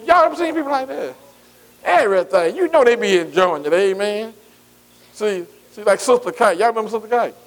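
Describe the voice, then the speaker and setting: High-voiced folksy preaching man. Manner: folksy call-and-response preaching, frequent "amen". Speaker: pastor. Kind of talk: sermon.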